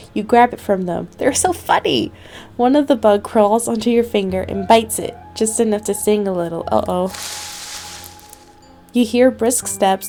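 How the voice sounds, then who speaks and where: A woman's voice: mid-range voice, dark tone. Young woman reading a game aloud. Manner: reads story text aloud with playful asides. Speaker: gaming channel host. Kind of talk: let's play narration.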